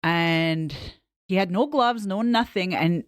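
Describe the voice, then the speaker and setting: A woman's voice: on the low side, slow, smooth, no room sound, clean studio sound. A woman co-hosting a podcast, telling a story in casual chat with plenty of swearing and laughter. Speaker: podcast co-host.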